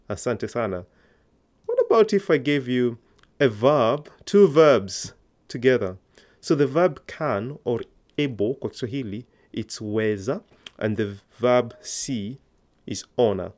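A man's voice: medium pitch, a little mellow. A man teaching an online language lesson, patiently coaxing learners to answer aloud.

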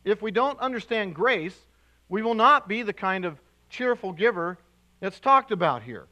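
A male pastor preaching a sermon to his congregation, animated and emphatic, with restarts and sudden loud bursts. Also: high voice, normal speed, highs cut off. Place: church sanctuary.

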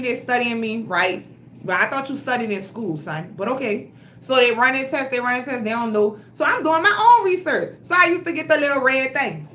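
A woman, telling her story to viewers in a casual, profane, animated way on a phone livestream. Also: on the high side, a little hiss or hum. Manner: blunt, profane and animated, talking straight to viewers. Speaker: health vlogger. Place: at home.

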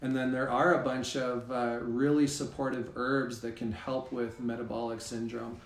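A man, a health practitioner guest, explaining things in a measured, casual way. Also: medium pitch, little pitch movement, echoey room, a little hiss or hum.

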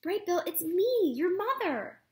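Roz, a woman doing a gentle robot mother. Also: extremely high pitch, sing-song, measured pace, voice pushed up, heavily acted. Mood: tender.

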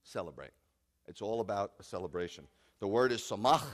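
Animated rabbi preaching with big swings. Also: male voice, fairly low pitch, a little fast, in a large hall. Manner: animated, emphatic, joking. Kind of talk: sermon. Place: congregation sanctuary.

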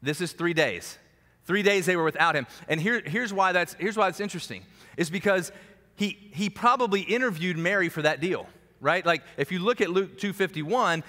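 A man preaching a sermon in a conversational, animated storytelling way, with sudden drops to a hushed voice. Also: fairly high pitch. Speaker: pastor. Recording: echoey hall reverb.

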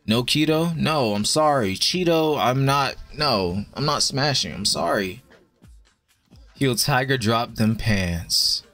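A young man streams over faint background music, talking slowly to his viewers. His verdicts are blunt and profane, and he tosses them off with a laid-back drawl at a middle pitch. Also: lively intonation, sharp tone. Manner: chatty with viewers. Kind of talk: casual live-stream commentary.

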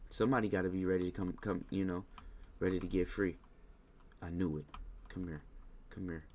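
A man giving casual let's-play commentary on a game, talking to the characters, slangy, with loud scolding bursts. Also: low voice, level tone, fairly quick, a little hiss or hum. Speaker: gaming YouTuber.

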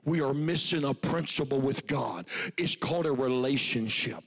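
Gravelly preacher, shouting and hushed. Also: male voice, medium pitch, moderate pace. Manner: shouting, swinging from loud to hushed. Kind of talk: revival sermon.

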